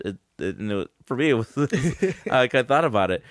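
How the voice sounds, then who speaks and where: A man in his thirties, a comedian co-hosting a podcast, telling stories with squeaky voiced asides. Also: lively intonation, normal speed, hardly any pauses, dry recording, clean studio sound. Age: 30s. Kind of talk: casual podcast banter.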